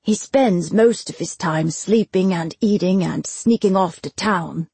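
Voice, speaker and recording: A woman narrator voicing a defiant young man who speaks flatly and coldly to his cruel father. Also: lowish voice, unhurried, vocal fry, slightly rough, no echo, full character voice. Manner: flat, bored delivery.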